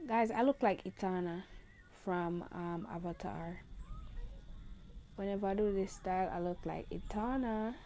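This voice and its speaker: A woman's voice: medium pitch, unhurried, pauses often, dark tone, rough recording. A young woman, chatting playfully and joking through a hair tutorial. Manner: playful, jokey, laughs often. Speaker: vlogger. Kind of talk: casual hair tutorial chat.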